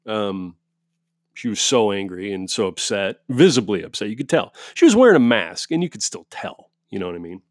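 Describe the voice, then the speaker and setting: A man's voice: fairly low pitch, very animated, moderate pace, no room sound, clean studio sound. A man telling his viewers a story as a heated, profane rant, often restarting his sentences. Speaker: vlogger.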